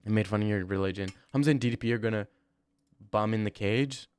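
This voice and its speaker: A man's voice: lowish voice, fast talker, a little mellow, clean tone. Rambling slangy young man streaming. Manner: rambling, slangy, says "bro" often. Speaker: livestream host. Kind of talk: casual livestream chat reading viewer comments.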